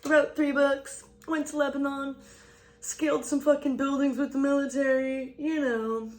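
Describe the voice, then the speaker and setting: A woman's voice: a little high, a little mellow. A woman in her twenties vlogging a casual get-ready-with-me chat, rambling and swearing, saying "like" a lot and laughing often.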